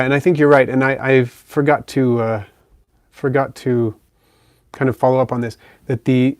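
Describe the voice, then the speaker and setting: Hosting a livestream for his pet channel, a man with a gravelly, mid-range voice casually reads out viewer comments and gently coos at his bird. There's no echo, and the mood stays relaxed and chatty.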